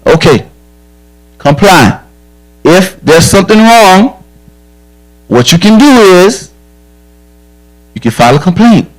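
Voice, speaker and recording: A man's voice: sits high, big pitch swings, slow, long pauses, rough recording. A man who is a police officer, giving a direct, earnest safety talk to children at a church camp and telling stories from his own life. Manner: direct, earnest, frank storytelling.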